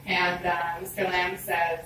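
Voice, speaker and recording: A woman telling a personal story on a live storytelling stage, expressive, conversational and self-deprecating. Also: on the low side, slow pace. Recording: roomy hall, distant mic, background noise.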